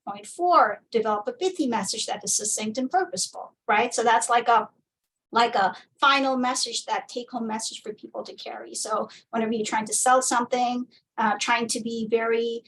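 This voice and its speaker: A woman's voice: a little high, moderate pace, a bit bright. A woman physician giving an informal talk, speaking conversationally with many fillers and restarts. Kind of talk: informal presentation lecture. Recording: distant mic, faint background noise.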